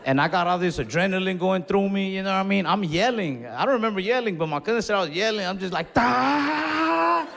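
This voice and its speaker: A young man doing stand-up storytelling on a theater stage, laid-back and drawling, with sudden shouted punchlines. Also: high voice, fast, creaky, few pauses. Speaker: stand-up comedian. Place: theater stage with a live audience. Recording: long hall reverb, faint room noise.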